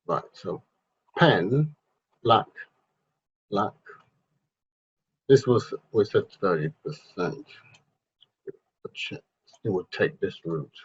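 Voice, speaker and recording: A man's voice: sits low, animated, drawn-out words, pauses often, husky. A man, hosting a crypto investment channel and explaining charts in a rambling way, often repeating and correcting himself. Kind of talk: casual explainer at a drawing board. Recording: muffled lo-fi sound.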